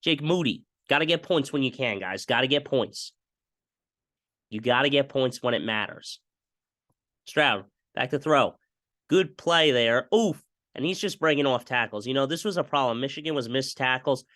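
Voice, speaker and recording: Young male fan commentator, mid-pitch, excitable replay calls, dry close mic. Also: normal speed, no room sound. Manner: excitable, mimics broadcast calls, repeats stock phrases. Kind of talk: casual play-by-play game breakdown.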